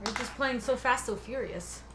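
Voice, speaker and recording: Woman, streamer host, bubbly, teasing, high voice, noisy stream audio. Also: moderate pace, sharp tone. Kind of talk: casual chat while playing a card game.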